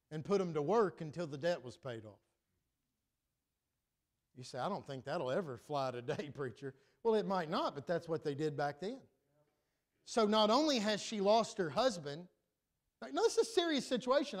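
A high-voiced male pastor preaches from the pulpit of a church. He swings from loud, stressed lines to quiet, confiding asides. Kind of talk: preaching a sermon. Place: church sanctuary.

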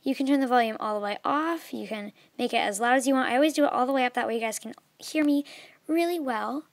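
A young woman explaining an app in a casual, chatty way, with many fillers and a voice that trails off softly. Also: a little high, quick pace, no echo. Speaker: video tutorial maker. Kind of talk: casual screen tutorial.

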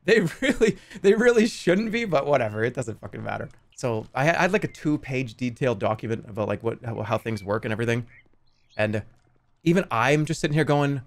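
A man's voice: mid-range voice, lively intonation, fast, vocal fry. A man hosting a livestream game contest, chatting casually and jokily with plenty of swearing and laughter. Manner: jokey, profane, laughs often.

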